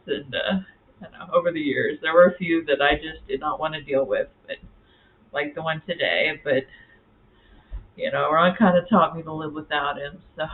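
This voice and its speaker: A woman's voice: deep voice, a little hiss or hum. A woman telling a personal story in a casual, rambling vlog, full of fillers and restarts. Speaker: vlogger. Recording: tinny, phone-like audio.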